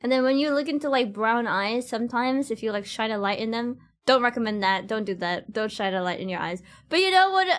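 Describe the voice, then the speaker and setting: Young woman, high voice, casual stream chat, rambling, giggly, lots of fillers. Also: animated, a little fast, few pauses. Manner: talks straight to chat. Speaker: cosplay streamer.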